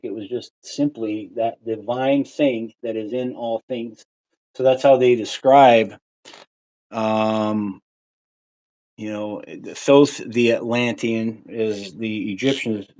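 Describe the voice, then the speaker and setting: Rambling man talking on a livestream. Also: a little mellow. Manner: rambling, with frequent "right?" and "you know" fillers; rises in pitch and volume on quoted lines. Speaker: livestream host. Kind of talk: casual livestream monologue.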